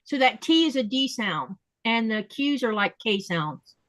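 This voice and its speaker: Chatty woman host, slightly high voice. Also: very animated, a bit bright, no room sound. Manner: chatty, explains pronunciation slowly and repeats words. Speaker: podcast host. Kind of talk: casual chat.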